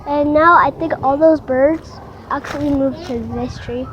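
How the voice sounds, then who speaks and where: A woman vlogging outdoors, gushing excitedly to viewers about the birds she is watching. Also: high voice, unhurried, highs cut off. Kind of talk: casual outdoor vlog narration. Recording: noisy outdoor recording.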